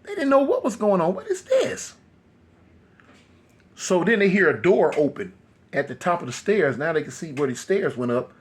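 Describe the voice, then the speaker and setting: A man telling a horror story casually, animated and loose with many fillers. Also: a little high, fairly quick, husky.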